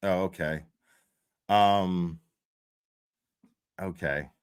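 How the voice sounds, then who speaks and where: A man's voice: sits low, steady tone, extremely slow, clear, resonant tone. A man telling a story in casual chat, swearing constantly, laughing often and restarting his sentences. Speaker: commentary streamer.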